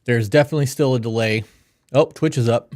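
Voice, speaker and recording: A man's voice: medium pitch, brisk, darkish tone, slight background noise. Laid-back blunt young man. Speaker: podcast co-host. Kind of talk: casual live-stream chat.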